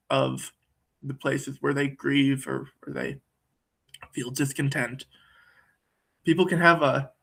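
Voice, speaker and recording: A man with a slightly high, gravelly, somewhat bright voice talks reflectively in a conversational way. He often repeats words as he hunts for the right ones.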